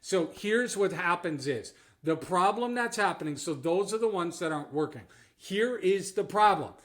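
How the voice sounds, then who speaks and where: A Canadian-accented man coaches other business owners in a direct-to-camera talk, his voice sitting a little high for a man. He is emphatic and keeps checking in with his listeners as he drives each point home. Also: animated, normal speed, a bit bright.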